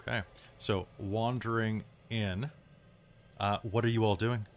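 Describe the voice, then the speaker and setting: A man narrating as dungeon master, describing scenes in a calm, measured way. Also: on the low side, slight background noise. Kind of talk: narrating a tabletop game.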